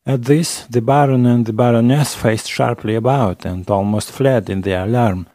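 A man narrating a classic novel in the first person, measured and literary, on a close studio mic. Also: medium pitch, warm tone, no room sound. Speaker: audiobook narrator.

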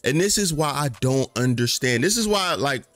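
Male vlogger, late 20s to 30s, fired-up slangy commentary that swings from high outrage to low muttering, dry close sound. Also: expressive, normal speed, fairly bright tone, dry recording, soft background music. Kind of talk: casual commentary rant.

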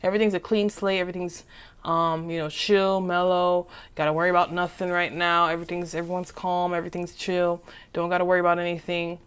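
A woman's voice: fairly low pitch, level tone, brisk, clear, resonant tone. A woman doing a casual tarot reading who rambles, repeats herself and keeps asking "okay?". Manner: chatty and informal, with "okay?" checks. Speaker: tarot reader.

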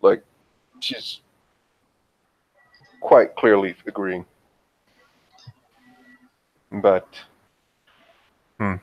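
A man's voice: on the low side, no echo, muffled recording. A man running a tabletop role-play, narrating and musing aloud in character. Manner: musing, unhurried.

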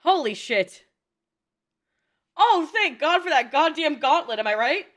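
A woman reacting to an anime movie in casual, excitable commentary, swearing and laughing often. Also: sits high, measured pace.

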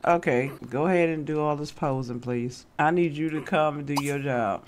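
A woman's voice: deep voice, normal speed, a little mellow, a little hiss or hum. A woman commentating her own gameplay in a casual way, scolding the game characters and often breaking into laughter. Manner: bossy, scolding, with slang. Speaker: Sims gameplay vlogger.

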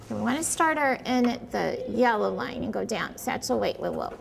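A fairly high-pitched woman teacher with a gravelly, creaky texture in her voice. She talks young children through letter sounds and handwriting at a classroom table, patient and encouraging, with frequent praise. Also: animated, a little fast, noisy background.

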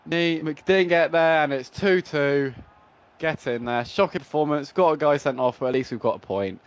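A young man commentating his own football video game play, swinging between frustrated groans and excited shouts. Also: on the high side, normal speed, highs cut off. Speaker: gaming YouTuber. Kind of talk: live gameplay commentary.

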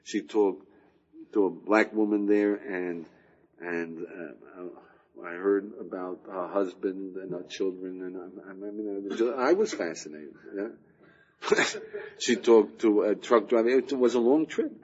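A man's voice: low-pitched, a little slow, darkish tone, husky, lo-fi sound. An older man giving a recorded lecture as a rabbi, full of rhetorical questions and chuckles. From United States. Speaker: rabbi teaching a class.

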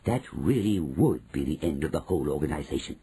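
A man's voice: extremely low pitch, animated, warm tone, breathy edge, pitched below the performer's own voice, heavily acted, low-quality recording. A man voicing a shrewd old grandmother. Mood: measured. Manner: slow, measured and knowing. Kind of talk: audiobook reading.

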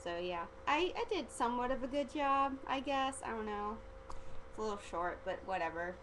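A teenage girl rambling to her camera in a casual vlog, chatty and giggly, with "like" scattered everywhere. Her voice sits a little on the high side, and a faint hiss runs underneath. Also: expressive, normal speed, fairly bright tone, poor audio. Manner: chatty and giggly, heavy use of "like" fillers. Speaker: vlogger.

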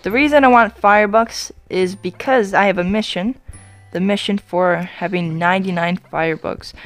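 A woman giving chatty let's-play commentary over her game, often apologizing and breaking into excited exclamations. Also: mid-range voice, moderate pace, no room sound, soft background music. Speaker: YouTube gamer.

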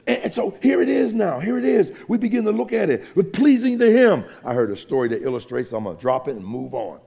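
A male pastor preaching a sermon, swinging from loud emphatic lines to hushed whispers, with joking asides. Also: sits high, big pitch swings, fast, gravelly, breathy edge. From United States.

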